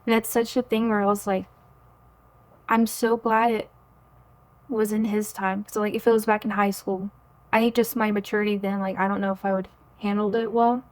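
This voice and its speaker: A woman's voice: medium pitch, little pitch movement, moderate pace. Earnest young woman telling a faith story. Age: 20s. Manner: earnest, chatty, full of "like" and quoted inner thoughts. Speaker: podcast guest. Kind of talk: personal faith story in a casual interview.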